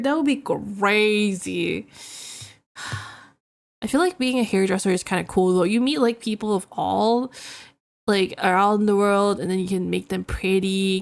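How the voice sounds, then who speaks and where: A woman's voice: medium pitch, creaky. A woman streamer chatting casually, a little tipsy, rambling and reacting to her chat.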